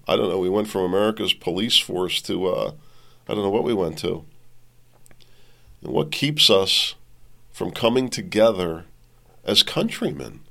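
A man's voice: on the low side, creaky, a bit bright. A man hosting a commentary show, reading an article aloud and riffing on it in a rambling way. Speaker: podcast host. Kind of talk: political commentary monologue.

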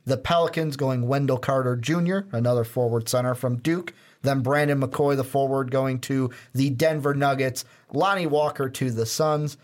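A man's voice: mid-range voice, fairly even intonation, normal speed, hardly any pauses. Playful male sports podcast co-host. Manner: playful, teasing, laughs easily. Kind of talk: casual sports podcast chat.

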